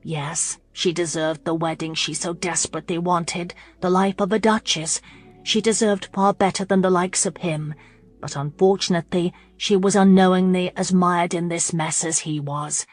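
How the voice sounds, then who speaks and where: A woman narrating a romance audiobook in a measured, steady reading voice. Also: on the low side, soft background music. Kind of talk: scripted narration.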